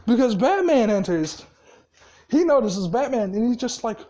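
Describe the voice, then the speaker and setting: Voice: mid-range voice, sing-song, moderate pace, mellow, highs cut off. A storyteller telling a fan-made story in a rambling, profane, casual way, with lots of fillers and frequent laughs.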